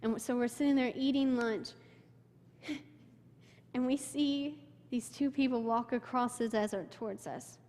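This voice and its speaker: A woman's voice: on the high side, fairly even intonation, a little slow, long pauses, darkish tone. Young woman telling a church story. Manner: emotional storytelling, quotes people in her own voice. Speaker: mission trip speaker. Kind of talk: personal testimony to a church. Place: church sanctuary. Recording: long hall reverb.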